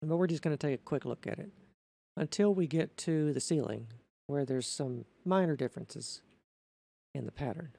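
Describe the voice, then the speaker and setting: A man talking through a building tutorial in an unscripted voice-over, methodical and halting, often correcting himself. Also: on the high side, gravelly, dark tone.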